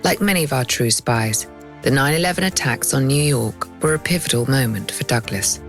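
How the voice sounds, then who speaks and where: A woman host giving measured, wry scripted narration. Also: extremely low pitch, animated, faint music behind.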